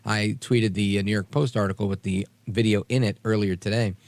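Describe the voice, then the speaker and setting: Male talk radio host, gravelly, lively, sarcastic, dry studio sound. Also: lowish voice, fairly quick, no room sound. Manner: sarcastic, animated, mocks quoted voices.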